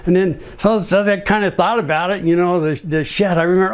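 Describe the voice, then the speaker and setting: A man's voice: high-pitched, moderate pace, few pauses, clear, resonant tone. A man telling his personal faith testimony in an earnest, rambling way, with frequent restarts and laughs. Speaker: ministry speaker sharing testimony.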